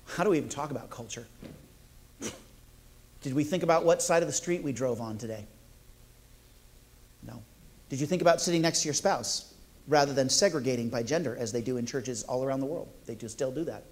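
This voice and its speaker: A man's voice: medium pitch, brisk. A man preaching a sermon, playful and jokey, talking directly to the congregation. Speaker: pastor.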